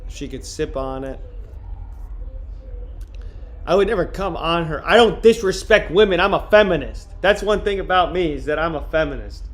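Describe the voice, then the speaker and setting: A man's voice: on the high side, lively intonation, normal speed, pauses often. A young man streaming, chatting crudely and joking between read-aloud book passages. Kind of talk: casual livestream chat and reading aloud.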